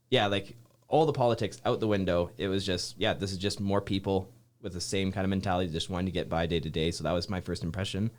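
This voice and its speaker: A man's voice: low voice, steady tone, fast. A man from Saskatchewan, a soldier guest chatting casually in a rambling way and acting out quotes. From Saskatchewan, Canada. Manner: rambling, filler-heavy, acts out quotes. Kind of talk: casual interview chat.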